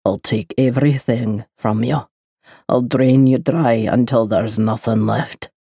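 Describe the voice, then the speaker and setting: A woman voicing a menacing, brooding Scottish man with a deep, dark, growled voice. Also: fairly even intonation, unhurried, slightly rough, no room sound, clean studio sound, full character voice. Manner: low, threatening delivery.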